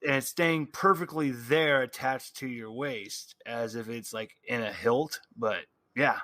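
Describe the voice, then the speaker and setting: A man narrating a tabletop game as game master, describing scenes in halting bursts with frequent restarts. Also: medium pitch, sharp tone, dry recording.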